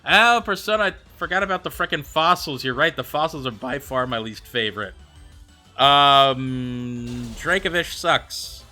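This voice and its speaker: A young man streaming a game, reading out viewer comments and answering them in a chatty, animated way. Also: mid-range voice. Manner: chatty, animated, answers chat with quick excited reactions. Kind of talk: casual livestream chat reading viewer comments. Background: faint background music.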